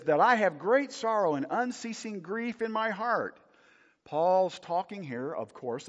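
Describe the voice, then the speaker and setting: A man's voice: on the high side, darkish tone. A middle-aged male pastor delivering an emphatic sermon, asking his congregation rhetorical questions. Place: church hall. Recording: dull recording with long hall reverb.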